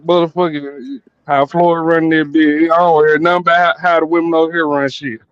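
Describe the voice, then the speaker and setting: Casual high-voiced male host, rambling and profane, dull dry recording. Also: level tone, brisk, clear, resonant tone, dry recording. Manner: rambling, repeats words, laughs often. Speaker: podcast host. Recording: dull lo-fi sound.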